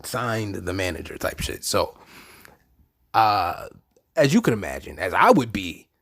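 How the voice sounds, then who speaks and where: A man hosting his own podcast in a casual, profane monologue, swinging between low murmurs and loud animated bursts. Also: unhurried, no room sound, studio quality. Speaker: podcast host.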